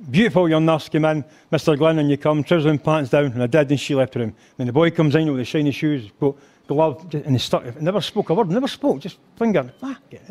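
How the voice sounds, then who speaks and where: An older man with a Scottish accent telling crude stories in a live stand-up routine, mimicking voices and humming tunes. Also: fairly high pitch. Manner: animated storytelling, crude, mimics voices and sings band intros. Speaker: stand-up comedian. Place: rugby club function hall.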